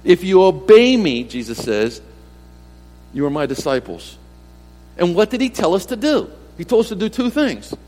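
A middle-aged pastor preaching a sermon in a conversational way, asking rhetorical questions and repeating key phrases, swinging between emphatic lines and soft, low ones. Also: male voice, sing-song, normal speed. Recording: long hall reverb.

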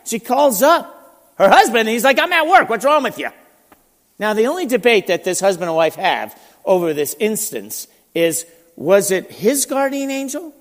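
A man preaching a sermon, telling stories in an animated, conversational way with frequent restarts. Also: sits high, long reverb tail. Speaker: pastor. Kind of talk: sermon storytelling.

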